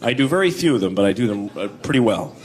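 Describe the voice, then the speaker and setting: A man's voice: on the low side, big pitch swings, fast. A man doing a stand-up set on a club stage, dry and wry in delivery. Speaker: stand-up comedian. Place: comedy club stage with live audience. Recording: live club recording with crowd and noise.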